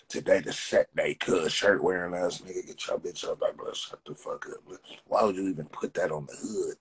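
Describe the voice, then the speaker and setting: A man's voice: low-pitched, slight background noise. A man hosting a casual livestream, ranting and mocking viewers in profane street slang, repeating himself. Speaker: livestream host.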